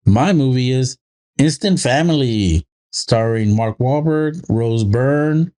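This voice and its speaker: A man in his thirties chatting casually on a podcast, with a mid-pitched voice. He rambles through stories in loose, looping sentences and acts out a child's lines with quick jumps in pitch. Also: expressive, warm tone. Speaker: podcast co-host. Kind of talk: casual chat.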